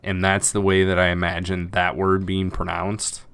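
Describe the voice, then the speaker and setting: A low-voiced man chats casually as a podcast co-host, now and then acting out lines in quick put-on voices. The sound is close and dry, with no room around it. His delivery is loose and conversational. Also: monotone, vocal fry, fairly bright tone, smooth, dry recording. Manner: chatty, acts out scenes in quick put-on voices. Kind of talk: casual chat.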